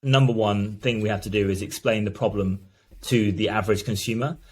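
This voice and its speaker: Earnest low-voiced founder, man. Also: steady tone, brisk, a little mellow, slightly rough. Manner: earnest, explanatory, many restarts. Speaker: brand founder guest. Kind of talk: business interview answers.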